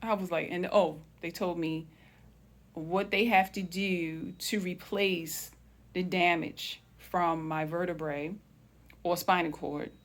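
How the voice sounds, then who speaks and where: A woman hosting a wellness channel, telling a personal story in a slow, reflective way, often calling her viewers family and trailing off into hushed pauses. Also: on the low side, fairly even intonation.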